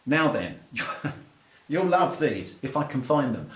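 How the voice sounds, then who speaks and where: Here the middle-aged English teacher of aviation English, from England and with an English accent, takes things slowly, his high-ish voice making big pitch swings in an echoey room. It's a playful, mock-exasperated rant to camera.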